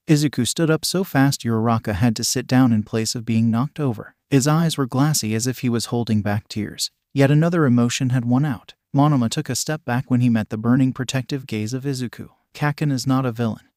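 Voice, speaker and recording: A man narrating a fan fiction story in an even, steady reading voice. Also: mid-range voice, fairly quick, few pauses, no room sound, studio quality.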